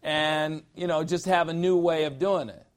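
Middle-aged male pastor, slightly higher voice, casual and emphatic sermon delivery. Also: fairly even intonation, moderate pace. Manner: informal and emphatic, repeats phrases for effect. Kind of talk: conversational sermon.

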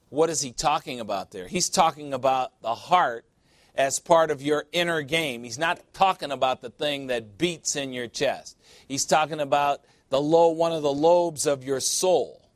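A man's voice: fairly high pitch, unhurried, no room sound. A man preaching a sermon in an emphatic, conversational way, with sudden playful asides.

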